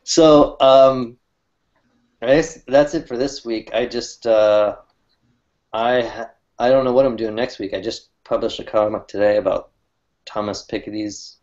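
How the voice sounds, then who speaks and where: A man co-hosting a casual chat with a fellow cartoonist, talking in a rambling, halting way and laughing easily. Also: medium pitch, darkish tone, dull audio. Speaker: cartoonist co-host.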